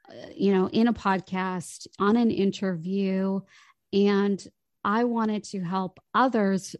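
A woman's voice: medium pitch, darkish tone, no room sound. A woman voice coach speaking in a podcast interview, explaining ideas in an articulate, flowing way.

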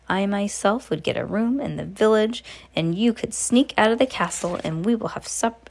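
A woman reading as a bossy, excitable old grandmother. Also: medium pitch, natural voice. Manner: exclaiming, brisk and determined. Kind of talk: storybook read-aloud.

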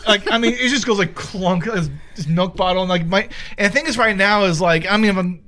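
Podcast co-host, man in his thirties, animated storyteller, swears a lot, bright forceful voice. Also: high voice, fast. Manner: animated storytelling, acts out his own shouts; swears freely, laughs through his stories. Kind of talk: casual chat.

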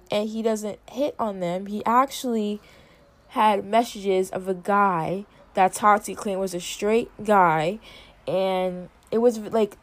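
A woman hosting a casual commentary, chatty and animated, acting out what others said. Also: mid-range voice, dry recording. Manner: chatty, animated, acts out quotes. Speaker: host.

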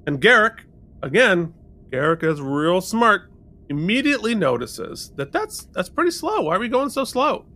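A man with a slightly high, bright voice chats through an episode recap. His pitch swings widely as he talks. He quotes scenes with animated energy. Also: moderate pace. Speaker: podcast co-host. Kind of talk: casual chat.

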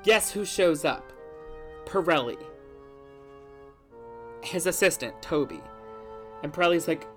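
A storyteller giving an animated, jokey plot recap and swearing casually. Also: mid-range voice, unhurried, pauses often, faint music behind.

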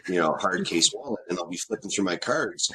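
A man's voice: low voice, expressive, fairly quick. A man from Canada tells a story about military discounts in a blunt, sardonic way, swearing freely. He sounds a bit distant from the mic. Faint noise and clicks sit behind him. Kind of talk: casual chat.

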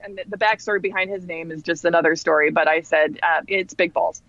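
A woman in her forties from New Jersey, a podcast guest telling a story in a chatty, animated way with fillers. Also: lowish voice, fast talker, dry recording, dull audio. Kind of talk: casual storytelling.

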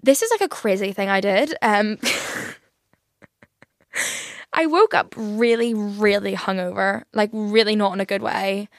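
A woman's voice: mid-range voice, unhurried, long pauses, no echo, studio quality. A young woman hosting a casual solo podcast, rambling candidly with plenty of "like" fillers and swearing. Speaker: podcast host.

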